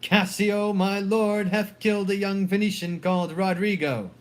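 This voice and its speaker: A man's voice: high voice, steady tone, normal speed, natural voice. A man reading the part of a loyal, outspoken waiting-woman in a dramatic play reading, delivering urgent, accusing outbursts.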